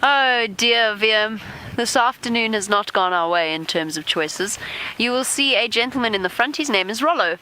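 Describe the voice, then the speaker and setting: A woman presenting a live safari broadcast from an open vehicle, chatting lively and talking softly to animals. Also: a little high, moderate pace, a little hiss or hum, poor audio. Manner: chatty, warm toward animals, lively asides. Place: open safari vehicle outdoors in rain and wind.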